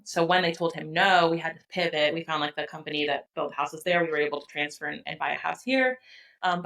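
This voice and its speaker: A woman's voice: low voice, poor audio. Chatty woman guest, heavy "like" fillers. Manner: rapid, animated talk full of "like" fillers. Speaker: guest, therapist and business owner. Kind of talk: casual chat.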